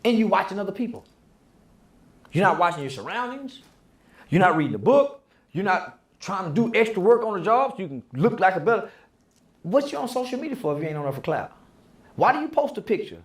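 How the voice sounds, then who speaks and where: A man giving a heated interview, blunt and preachy, firing off rhetorical questions and sometimes raising his voice to a shout. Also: high voice, sing-song, fairly quick, reverberant. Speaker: interview guest. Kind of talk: heated opinionated interview talk.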